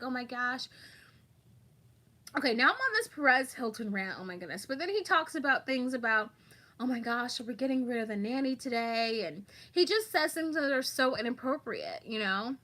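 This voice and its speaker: A woman's voice: high voice, lively intonation, fairly quick, bright, forceful tone. A woman hosting a casual livestream, chatting about online drama and reading viewer comments aloud.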